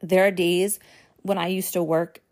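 Earnest young woman chatting, slightly low voice. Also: level tone, a little slow, a little mellow. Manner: casual, earnest, filler-heavy with frequent "like". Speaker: host. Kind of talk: personal talk to camera.

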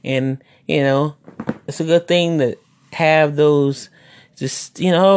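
A man's voice: on the high side, fairly even intonation, slow pace, no echo. A man who wrestles, hosting a casual podcast monologue, rambling and opinionated, with many restarts.

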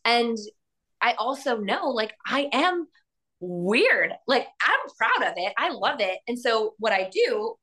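A woman hosting a podcast, talking in a rambling, animated way with many fillers and frequent laughs. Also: fairly high pitch, slow pace. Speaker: podcast host. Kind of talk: casual chat.

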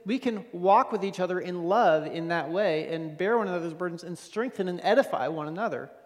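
Male pastor with a high voice, earnest and repetitive, preaching in a reverberant hall. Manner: earnest, repeats words and asks "okay?". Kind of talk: sermon.

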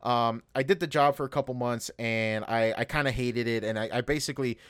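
A man's voice: medium pitch, fairly quick, fairly bright tone, clean tone, no echo. A young man hosting a podcast, talking in a rambling, profane way with lots of fillers as he vents about his work. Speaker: podcast host. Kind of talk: casual podcast chat.

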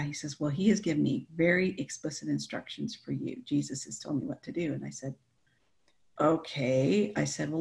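A middle-aged woman telling a personal faith story in a lively, animated way, often laughing. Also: low-pitched, vocal fry. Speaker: guest telling her story. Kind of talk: personal testimony chat.

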